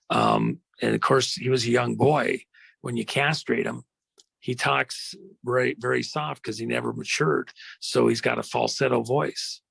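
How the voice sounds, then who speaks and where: A man with a very gravelly, creaky voice and a husky edge, telling a story dramatically. He rambles with fillers and drops into slow, weighty phrasing. The sound is dry and close. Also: mid-range voice, a bit bright, no room sound, poor audio. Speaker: guest.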